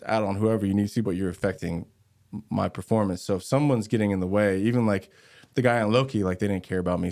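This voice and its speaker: Deep-voiced man telling set stories. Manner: laid-back, slangy, animated storytelling. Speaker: actor guest. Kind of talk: casual interview storytelling.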